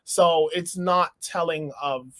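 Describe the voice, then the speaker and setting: A man from Canada, a rapper, talking about his music in a casual interview, thoughtful and animated. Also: fairly high pitch, takes it slowly. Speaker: rapper guest.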